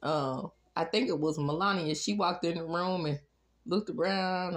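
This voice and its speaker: A woman with a notably low, deep voice recaps a reality show in a loose, chatty way. She is frank and opinionated, and calls out who she thinks should go. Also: a little slow.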